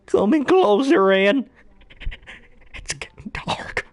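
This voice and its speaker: A man putting on a manic, hammy comedy character with loud squealing, drawn-out words. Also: high voice, huge pitch swings, dry recording, pitched above the performer's own voice, full character voice. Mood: hammy dying.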